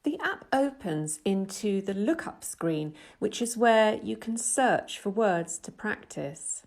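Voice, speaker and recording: A middle-aged woman, an English teacher, giving a clear, measured, scripted lesson voice-over with patient explanations. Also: medium pitch, animated.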